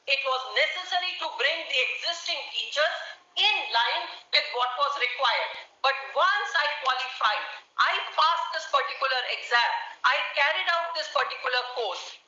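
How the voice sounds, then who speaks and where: A woman's voice: high voice, sharp tone. A woman arguing a case in court, formally addressing the bench. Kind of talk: courtroom legal argument. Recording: echoey lo-fi courtroom audio.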